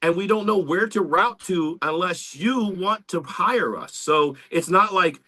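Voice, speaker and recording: A man, co-hosting a podcast in casual, animated talk. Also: high voice, unhurried, few pauses. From Central Florida, US. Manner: animated, swearing, lively storytelling. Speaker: podcast co-host, band member.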